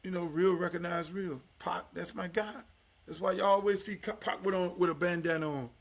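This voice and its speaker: An older man from Miami hosting his own podcast, talking in a loud, emphatic, profane way that drops to low confessional asides. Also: steady tone, moderate pace, gravelly. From Miami, United States. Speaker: podcast host. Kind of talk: casual profane talk-show monologue.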